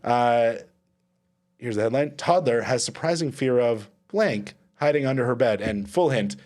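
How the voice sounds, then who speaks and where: A man with a Canadian accent hosting a comedy podcast quiz, wry and quick to laugh at his own riffs. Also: mid-range voice, animated, darkish tone. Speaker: podcast host running a quiz game. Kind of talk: comedic panel chat.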